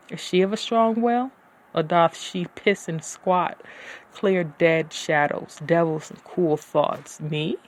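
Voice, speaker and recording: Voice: mid-range voice, vocal fry, a little hiss or hum. A poet giving a dramatic, brooding poetry reading with uneven pacing.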